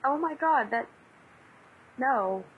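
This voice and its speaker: A woman's voice: high-pitched, expressive, slow, slightly rough, narrow, tinny audio. A woman in her twenties co-hosting a casual podcast over a Skype call, bantering and laughing easily while reading the news. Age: 20s.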